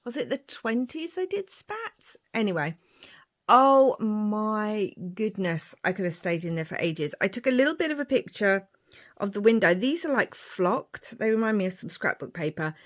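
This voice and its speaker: Woman in her forties, crafting vlogger, chatty and rambling, mid pitch. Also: sing-song, moderate pace. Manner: chatty, rambling, warm asides. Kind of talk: casual show-and-tell narration.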